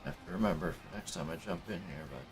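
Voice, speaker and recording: A man giving casual, low-key commentary as he plays a farming game, often muttering to himself. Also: fast talker, music in the background. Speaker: streamer playing a farming game.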